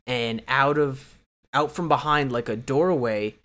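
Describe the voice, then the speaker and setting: A man with a mid-range voice retells a movie's scenes on a casual podcast. He tells it with animated energy, often jumping into exaggerated voices for the characters. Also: medium pitch, unhurried. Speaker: podcast co-host. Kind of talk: casual movie recap chat.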